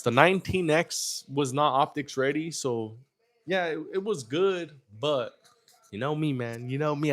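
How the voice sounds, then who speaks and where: A man from New York hosting a casual livestream, chatting loosely and profanely while reading out viewer comments. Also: medium pitch. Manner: loose and profane, reads chat aloud. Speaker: livestream host. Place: home in Texas.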